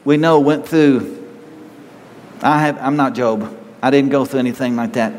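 Male pastor, mid-pitched, earnest sermon delivery, reverberant sanctuary sound. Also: a little slow, darkish tone, slight background noise. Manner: earnest, rising to emphatic reading of scripture.

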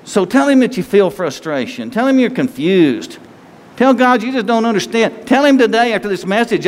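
A pastor preaching a sermon in a conversational way, full of rhetorical questions. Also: male voice, high voice, expressive, moderate pace. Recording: long reverb hall, faint noise.

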